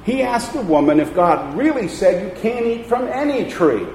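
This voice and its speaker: A man's voice: sits high, very animated, normal speed, a little mellow. Man, pastor, storytelling sermon, long hall reverb, faint background hiss. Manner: storytelling, folksy and emphatic.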